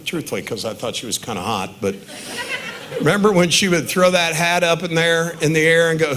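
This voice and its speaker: The father of the bride, a man in his sixties, gives a wedding reception toast packed with stories, chuckling at his own anecdotes. His voice is fairly high, a bit bright, and fairly quick.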